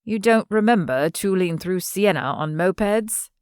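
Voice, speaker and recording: A woman's voice: mid-range voice, animated, a little slow, a little mellow, clear, resonant tone, no room sound, studio quality, close to an everyday voice. A woman voicing a teasing young man, the son of an earl for an audiobook.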